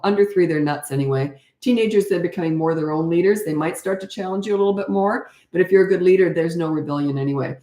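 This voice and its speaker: A woman's voice: lowish voice, a little mellow. A frank, chatty middle-aged woman answering parenting questions in a casual live stream. She laughs often and speaks into a webcam. The room sounds echoey. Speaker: parenting coach.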